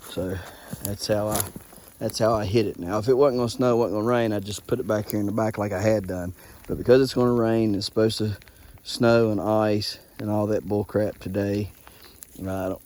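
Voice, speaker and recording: A man's voice: lowish voice, darkish tone, slight background noise. A man, an easygoing homesteader rambling through an outdoor vlog in a snowstorm. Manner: easygoing, rambling with restarts and fillers. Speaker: homesteader and trapper.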